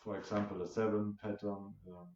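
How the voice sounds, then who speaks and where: A man talking through his rhythm system in a halting, casual lesson, with many fillers, counting rhythm syllables aloud. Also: fairly low pitch, little pitch movement, dark tone. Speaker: musician explaining rhythm concepts. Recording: roomy, dull lo-fi audio with faint noise.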